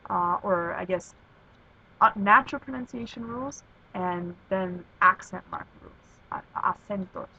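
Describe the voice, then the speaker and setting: A woman explaining language lessons in a casual, hesitant way, with many pauses and fillers. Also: mid-range voice, sharp tone. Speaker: Spanish teacher. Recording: dull lo-fi sound with faint background noise.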